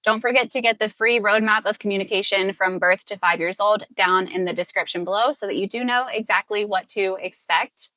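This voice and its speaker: A woman's voice: mid-range voice, fairly quick, hardly any pauses, bright, forceful tone, no echo. A woman from the Southern US, a speech therapist, patiently explaining step-by-step tips to parents and repeating the key points. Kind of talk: instructional talk to parents.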